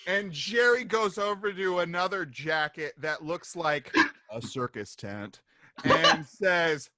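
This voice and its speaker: A man narrating as game master of a tabletop game, telling the scene in an amused, unhurried way. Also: fairly high pitch, noisy background.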